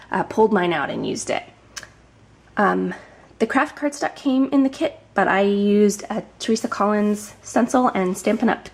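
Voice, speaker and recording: Woman in her thirties, a touch breathless, chatty crafting vlogger voice with ums and soft asides, mid pitch. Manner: chatty, with frequent ums and some whispered asides. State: slightly out of breath. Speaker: scrapbooking vlogger. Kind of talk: casual show-and-tell narration.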